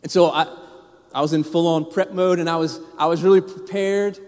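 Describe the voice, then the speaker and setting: A pastor tells a personal story as his sermon, casual and animated, with many restarts and asides aimed at the congregation. His voice sits a bit high for a man and moves at normal speed, and the church sanctuary lends it a long reverb.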